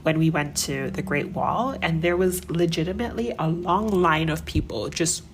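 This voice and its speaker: A woman from Jamaica, a podcast guest, telling animated stories with laughter and acted-out voices. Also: low-pitched, moderate pace, background noise. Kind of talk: casual storytelling.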